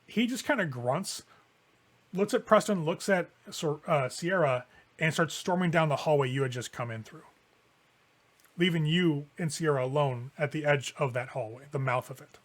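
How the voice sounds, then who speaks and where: With a fairly high pitch and normal pace, the game master describes the scene of a tabletop game casually, using fillers like "kinda" along the way.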